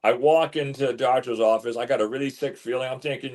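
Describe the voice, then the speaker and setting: A man telling a story as an interview guest, animated, stumbling and repeating words as he goes. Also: medium pitch, fast talker. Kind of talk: casual storytelling.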